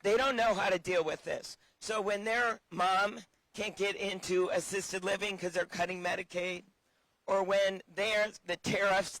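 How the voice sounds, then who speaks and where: A senator speaking passionately at an outdoor rally, her voice hoarse and worn, clearing her throat now and then. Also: mid-range voice, fairly bright tone, dry recording, poor audio. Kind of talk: rally speech.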